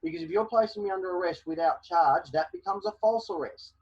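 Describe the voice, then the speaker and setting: Guy explaining stuff on a webinar, kinda high husky voice, keeps saying okay?, dull lo-fi sound. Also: a little fast, darkish tone. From Australia. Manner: emphatic, repeats "okay?" to drive points home. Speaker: webinar presenter. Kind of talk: explaining legal advice to a caller.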